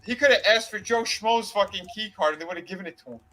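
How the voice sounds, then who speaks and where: A man's voice: high-pitched, fast talker, pushed and bright, poor audio. A man casually retelling a backstage story on a wrestling discussion podcast, swearing freely and slipping into quoted voices. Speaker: podcast co-host.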